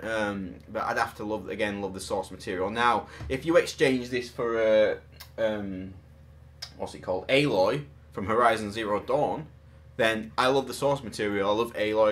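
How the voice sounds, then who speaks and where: A man's voice: on the low side, a bit bright. Rambling man hosting a chat. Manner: rambling, self-deprecating, jokey. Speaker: podcast host. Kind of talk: casual chat reviewing collectible statues.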